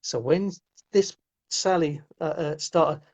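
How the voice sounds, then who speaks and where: Middle-aged man, interview guest, rambling storyteller, voice sits a bit high, muffled recording. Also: slow. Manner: rambling, with frequent restarts. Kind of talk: personal storytelling in conversation. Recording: muffled lo-fi audio.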